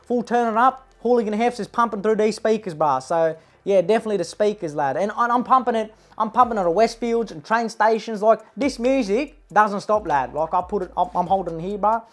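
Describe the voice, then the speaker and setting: A woman's voice: medium pitch, fairly quick, few pauses, close to an everyday voice. A woman playing a brash young male eshay with an Australian accent, slangy and boastful, tagging every line with "bruh" and "lad", in a comic parody vlog. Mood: cocky. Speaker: comedy parody host.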